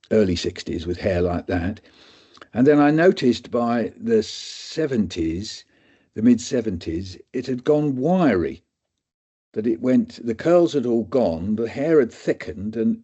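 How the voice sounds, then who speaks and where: A man's voice: medium pitch, warm tone, husky, muffled recording. An older English man telling rambling, self-mocking anecdotes as a guest speaker on a webinar, slipping into quoted voices. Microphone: video call.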